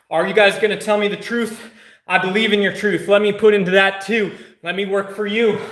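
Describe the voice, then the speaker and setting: A man's voice: sits high, a bit bright, roomy sound. A man streaming a casual live workout, mixing hyped, joking, profane chatter with soothing exercise cues. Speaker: fitness streamer.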